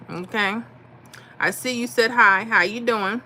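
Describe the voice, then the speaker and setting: A woman's voice: a little high, steady tone, unhurried, bright, forceful tone, a little hiss or hum. A middle-aged woman from Florida, chatting casually on a livestream and reading out viewer comments. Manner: chatty, reads comments aloud, folksy. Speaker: livestream host.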